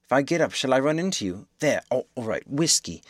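A man puts on a bewildered gentleman pushed to exasperation. He talks in raised, agitated bursts of questions. The voice sits close to the mic in a dry recording. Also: mid-range voice, big pitch swings, brisk, dry recording, pitched above the performer's own voice. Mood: flustered.

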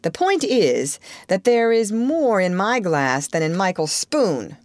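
A woman's voice: mid-range voice, very animated, takes it slowly, dry recording, voice pushed up. A woman reading a storybook aloud, voicing a proud, childish middle-aged father who blusters and sulks, in a dry close recording. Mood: pompous. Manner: blustering and self-pitying.

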